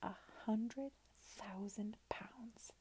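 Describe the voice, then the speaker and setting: A woman reading aloud softly, voicing a gossipy, confiding middle-aged chaperone in a whispered reading. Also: mid-range voice, moderate pace, gravelly, breathy edge. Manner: confiding, hushed.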